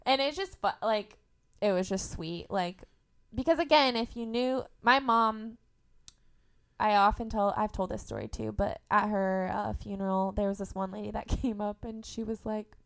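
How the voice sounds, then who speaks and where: Young woman, from Indiana, podcast guest, casual chat, vocal fry, animated storyteller. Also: medium pitch, normal speed. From Indiana, USA. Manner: animated storyteller, laughs often.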